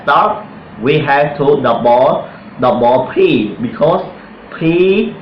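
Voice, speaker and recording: A man whose first language is Khmer, teaching English grammar in a slow classroom way and saying "yes" again and again. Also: medium pitch. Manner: repeats "yes" often, non-native English phrasing. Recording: echoey room, dull lo-fi sound, faint noise.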